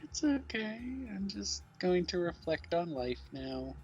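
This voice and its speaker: Gravelly, deadpan man streaming a game. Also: high voice, a little slow, lo-fi sound, faint music behind. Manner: dry, deadpan, mock-weary. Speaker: let's play streamer. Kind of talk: casual gaming banter.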